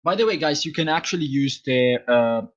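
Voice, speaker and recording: A man's voice: lively intonation, moderate pace, lo-fi sound. Guy cohosting a podcast on a voice call, teasing, voice bounces all over. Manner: teasing, pitch swings. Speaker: podcast co-host. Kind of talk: casual chat. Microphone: online voice call.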